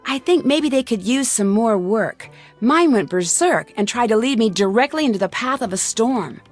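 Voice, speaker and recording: Casting: an earnest young detective in a game, slightly high-pitched and polite. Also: female voice, animated, moderate pace, faint music behind. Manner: polite, earnest and matter-of-fact. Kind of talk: video game voice acting.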